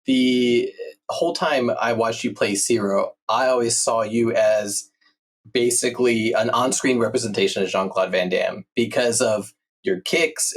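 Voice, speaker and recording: A man hosting an interview podcast, speaking as an enthusiastic fan in casual chat. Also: medium pitch. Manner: enthusiastic fan, laughs along. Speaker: podcast host.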